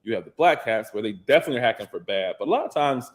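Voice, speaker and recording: A man's voice: lowish voice, expressive, rapid-fire. A man hosting a casual live stream, answering chat questions in a conversational way and often repeating himself. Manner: conversational, reads chat aloud, repeats "absolutely". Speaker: livestream host.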